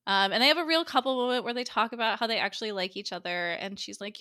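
Woman, casual podcast recap, bright voice, dry close sound, chatty, swears freely. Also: fairly high pitch, expressive, no room sound. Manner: chatty, quoting characters in quick asides, swears freely. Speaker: guest co-host.

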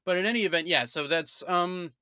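A man's voice: high-pitched, a little fast, sharp tone, smooth, no echo, studio quality. A man talking as a guest on a film podcast in a chatty way, with many uhs and restarts. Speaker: podcast guest and news writer. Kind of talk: casual podcast chat.

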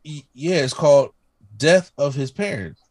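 Lively-pitched man pressing his argument. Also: unhurried. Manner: argumentative, repeats himself to press a point. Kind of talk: casual debate among friends.

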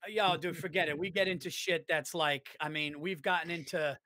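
Guy comic telling stories on a podcast, higher voice, dry close sound, swears a lot. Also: moderate pace, no room sound. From New York. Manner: animated storyteller, swears freely, acts out quotes. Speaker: stand-up comedian guest. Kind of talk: casual podcast chat.

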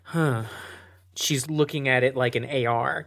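A woman's voice: very deep voice, steady tone, a little slow. A woman narrating as game master of a tabletop game, describing the scene in a playful way.

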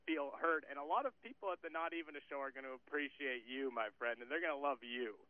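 A man's voice: medium pitch, fast, dry recording. A man calling into a podcast, playful and bossy with mock seriousness. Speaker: caller. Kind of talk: call-in banter. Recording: tinny phone line.

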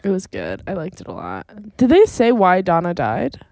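A woman's voice: on the low side, wildly swooping pitch, moderate pace, vocal fry, a little mellow, no echo, clean studio sound. A young woman co-hosting a podcast, chatting enthusiastically and agreeably with frequent giggles. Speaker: podcast co-host. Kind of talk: casual chat recapping a reality show.

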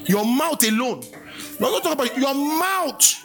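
A man's voice: very high voice, expressive, moderate pace, creaky, over music. A Nigerian man preaching in a church, swinging between conversational asides and chanted King James scripture. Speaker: pastor. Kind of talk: sermon.

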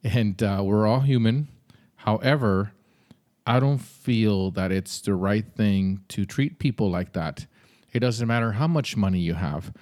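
A man's voice: on the low side, unhurried, darkish tone. A man hosting a podcast, giving casual advice in a blunt, conversational way with some mild swearing. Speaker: podcast host.

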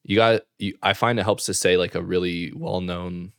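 A man with a very low voice rambles through a laid-back podcast chat, full of "like" and false starts. The sound is dry and close, with no room around it. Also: steady tone, moderate pace, creaky, fairly bright tone, clean tone, no echo. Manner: rambling, loose, full of fillers. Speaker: podcast co-host. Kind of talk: casual chat.

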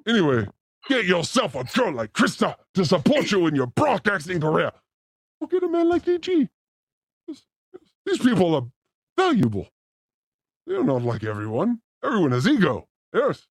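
A man's voice: high voice, wildly swooping pitch, normal speed, breathy edge, no echo, clean studio sound. A man hosting a podcast with a crude, theatrical, joking manner. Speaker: podcast host. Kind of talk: crude casual banter.

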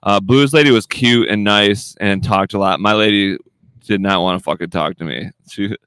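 Young male podcast host, lowish voice, loose and profane, close dry mic. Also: moderate pace, a bit bright, smooth, no echo. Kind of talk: casual podcast banter.

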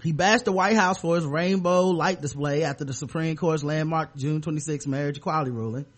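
A man hosts a loose comedy podcast, joking and sarcastic as he rambles. His voice sits on the higher side. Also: a little fast. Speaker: podcast host. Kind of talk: casual comedic podcast chat.

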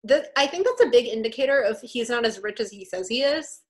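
Woman co-host, fairly high voice, lively and profane, casual chat. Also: a little fast. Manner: animated, swears freely, acts out characters' lines. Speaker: podcast co-host.

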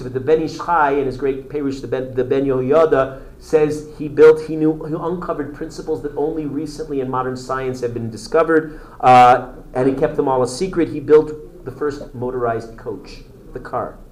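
A man's voice: mid-range voice, a little mellow. Enthusiastic male teacher in echoey classroom. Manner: enthusiastic storytelling, answers student interruptions. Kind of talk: classroom lecture.

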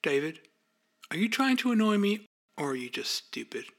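A man's voice: sits high, very animated, normal speed, fairly bright tone, voice pushed up, exaggerated voice. A man putting on Mitch, a pompous bossy agent. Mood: scolding. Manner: pompous, condescending, domineering. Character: bossy self-important male literary agent boss.

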